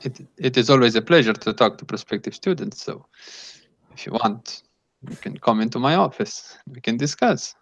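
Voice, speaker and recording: A man's voice: mid-range voice, expressive, normal speed, no room sound. A man voicing a polite, dapper Italian professor in his late forties, speaking with an Italian accent in a courteous, inviting manner, on a dull lo-fi recording. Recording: dull lo-fi sound.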